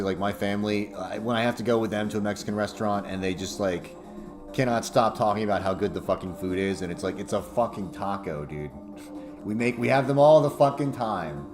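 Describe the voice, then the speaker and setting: A young man chatting casually and profanely on a livestream, rambling and laughing often. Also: fairly low pitch. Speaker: streamer. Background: music playing.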